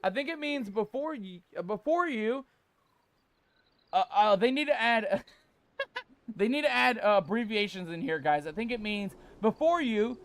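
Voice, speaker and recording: A man streaming a game live, joking in mock pirate talk, reading the game's text aloud and shouting out in surprise. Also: high voice, animated, unhurried, dry recording. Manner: laughs often, exclaims loudly.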